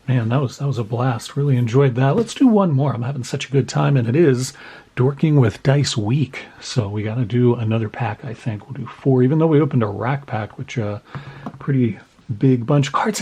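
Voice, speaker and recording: A man's voice: medium pitch, a little mellow, slightly rough. A man hosting a casual pack-opening vlog, chatty and enthusiastic, with lots of filler "uh"s as he talks through the cards. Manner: chatty, enthusiastic, rambling with many "uh"s. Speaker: card-opening channel host.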